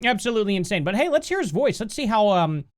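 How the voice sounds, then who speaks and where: Indignant man with lively pitch. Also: fast talker. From United States. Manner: indignant, mocking. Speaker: commentary channel host. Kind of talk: reacting to a news clip.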